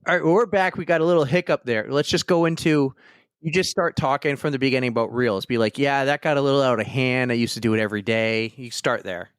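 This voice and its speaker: A man's voice: mid-range voice, fast talker, clear, resonant tone, no room sound, studio quality. A man hosting a running podcast, chatting casually and telling stories with animation. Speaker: podcast host. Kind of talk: casual interview chat.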